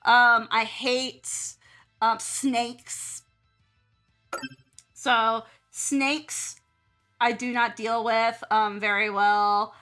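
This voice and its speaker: Chatty woman, bright voice. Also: fairly high pitch, flat delivery, extremely slow, long pauses, faint music behind. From American South. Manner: rambling, laughs often, acts out her own reactions. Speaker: art streamer and teacher. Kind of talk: casual chat while drawing on stream.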